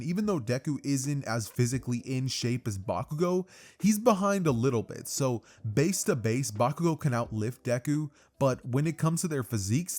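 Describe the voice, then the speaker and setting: A man's voice: medium pitch, darkish tone. A young man casually narrating a fan-fiction story for his channel, rambling with lots of fillers. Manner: loose, filler-heavy, rambling. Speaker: YouTube storyteller.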